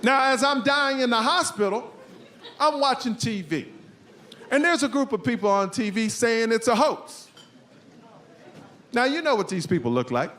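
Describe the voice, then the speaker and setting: High-voiced male stand-up comedian. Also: moderate pace, long pauses. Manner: animated, storytelling, crude punchlines. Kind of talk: stand-up set. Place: comedy stage before an audience. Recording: live stage recording with background noise.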